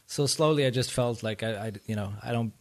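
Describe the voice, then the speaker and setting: A man from Iran who grew up in Sweden, a guest chatting in a relaxed, rambling way on a podcast. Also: mid-range voice, a little fast. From Iran, raised in Sweden. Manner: relaxed, rambling, frequent laughs. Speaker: guest musician. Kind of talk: casual podcast chat.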